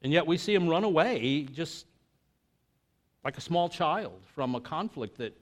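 In a slightly high, unhurried voice, a pastor delivers a conversational sermon with energetic storytelling. He acts out quotes and asks his congregation questions.

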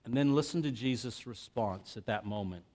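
A man preaching a sermon in a conversational, animated way. He often breaks off and restarts his sentences. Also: medium pitch, normal speed. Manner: conversational and animated, with frequent self-interruptions and restarts. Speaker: pastor.

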